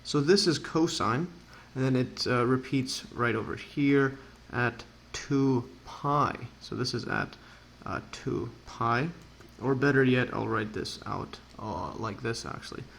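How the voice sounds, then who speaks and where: A man's voice: mid-range voice, unhurried, gravelly, fairly bright tone. A man tutoring calculus as he works through a problem on a board, thinking aloud with frequent fillers and self-corrections. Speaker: math tutor. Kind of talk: whiteboard math lesson.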